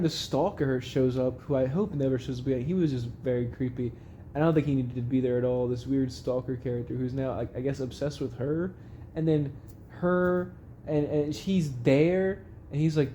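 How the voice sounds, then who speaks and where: A man's voice: on the high side, normal speed, warm tone, muffled recording, a little hiss or hum. A young man casually rambling through a recap of a TV episode, swearing often and laughing at the funny parts. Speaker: vlogger recapping a show.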